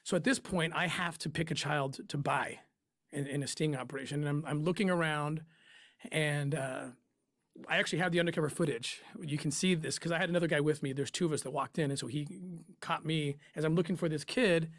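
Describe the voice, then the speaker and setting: A man in an interview, telling a personal story in an emotional, halting way with pauses and restarts. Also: on the high side, fairly even intonation, a bit bright, dry recording, studio quality. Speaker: interview guest, former undercover operative.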